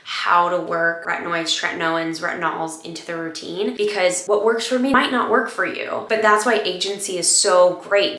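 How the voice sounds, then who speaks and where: A woman's voice: fairly low pitch, a bit bright. A young woman chatting casually to the camera as a lifestyle vlogger, bubbly and talkative. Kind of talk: casual vlog chat. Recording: echoey room.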